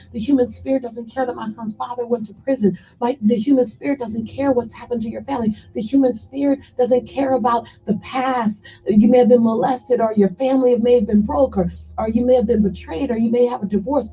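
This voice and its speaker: Mellow-voiced woman telling a motivational story. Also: a little high, fairly even intonation, brisk, hardly any pauses. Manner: emphatic, repeats phrases for effect. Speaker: guest speaker. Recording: slightly muffled radio broadcast.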